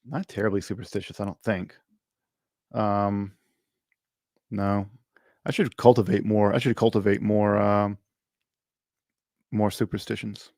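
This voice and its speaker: A man's voice: on the low side, fairly even intonation, unhurried, long pauses, a little mellow, no room sound, studio quality. A man from Mississippi, hosting a livestream Q&A and talking casually with lots of fillers and restarts. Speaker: host. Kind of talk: livestream Q&A chat.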